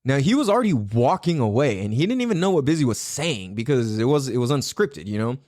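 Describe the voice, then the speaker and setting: A man hosting a podcast in casual chat, swearing freely and jumping up into a higher voice to act out what others said. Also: fairly quick, no echo, studio quality. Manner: animated, swears a lot, acts out quotes in a higher voice. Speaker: podcast host.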